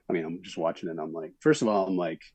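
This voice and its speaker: A middle-aged man from Minnesota, a guest actor, telling stories in a relaxed interview chat with many fillers. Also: low-pitched, normal speed, slightly rough, dry recording, poor audio.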